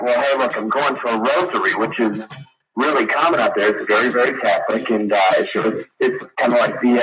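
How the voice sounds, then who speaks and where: A man calls in to a radio show and tells his story in a loose, rambling way, stopping often to search for words. His voice comes through a dull, lo-fi broadcast with crowd noise clearly audible behind it. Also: medium pitch. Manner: rambling, many fillers and restarts. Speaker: caller. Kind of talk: telling a story on call-in radio.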